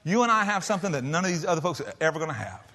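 A middle-aged man preaches to a large congregation. His voice sits high and he talks in a folksy, lively way, punching some lines loudly and then dropping to a quiet hush. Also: racing. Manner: lively, folksy, swinging between loud emphasis and soft hushed lines. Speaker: pastor. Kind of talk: sermon. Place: large church auditorium.

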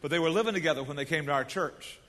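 Rapid-fire and sharp in tone, a fairly high-voiced middle-aged pastor preaches emphatically and folksily, calling out for responses from his congregation inside a large church sanctuary full of long reverb.

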